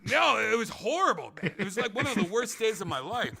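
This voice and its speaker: Animated gravelly-voiced man telling a story. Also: sits high, brisk. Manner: rambling, animated, acts out quotes loudly. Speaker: podcast host. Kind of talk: casual storytelling chat.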